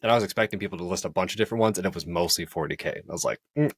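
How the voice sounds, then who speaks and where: Low-voiced man, animated podcast chat. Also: very fast, slightly rough, dry recording, clean studio sound. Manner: animated, quotes people in put-on voices, laughs. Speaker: podcast co-host. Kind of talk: casual chat.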